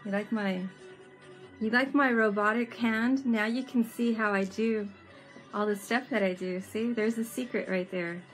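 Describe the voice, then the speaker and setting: Playful, unhurried woman streaming live. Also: a little high, fairly even intonation, faint music behind. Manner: playful and teasing, laughs often. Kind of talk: casual live stream chat. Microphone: webcam mic with fisheye lens.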